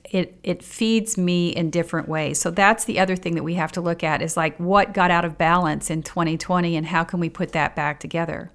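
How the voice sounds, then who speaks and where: A woman hosts a solo podcast on personal growth, her voice sitting a little low. She talks reflectively and turns often to the listener with questions. She records in a home studio set up in a basement spare bedroom. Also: clean tone. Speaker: podcast host.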